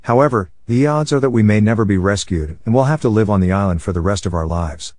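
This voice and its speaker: A man's voice: lowish voice, animated, fast, a little mellow, dry recording, studio quality, lightly acted. A man voicing an airline captain giving a formal announcement to passengers. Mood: grave.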